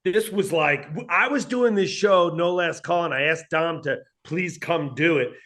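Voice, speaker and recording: Brief: man, comedian guest, lively storyteller who voices the people in his stories, pitched a bit high. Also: moderate pace. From Atlantic City, New Jersey. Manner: animated, acts out quoted dialogue in his stories. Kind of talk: casual storytelling chat.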